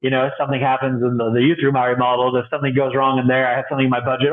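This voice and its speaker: A man's voice: medium pitch, racing. A young man, a bi-vocational youth pastor, chatting casually as a podcast guest and acting out the voices in his stories. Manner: animated storyteller, acts out quoted voices, laughs often. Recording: tinny phone-like line.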